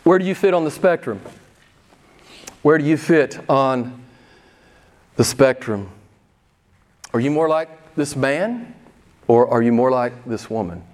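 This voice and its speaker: A man's voice: mid-range voice, measured pace, pauses often. A male pastor preaching a sermon, emphatic and repeating his key phrases for weight.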